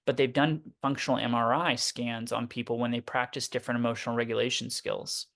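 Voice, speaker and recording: A man's voice: mid-range voice, little pitch movement, fairly quick, creaky, fairly bright tone. Casual, explanatory male therapist. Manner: explanatory, casual with profanity, acts out inner self-talk. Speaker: therapist guest. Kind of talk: conversational explanation.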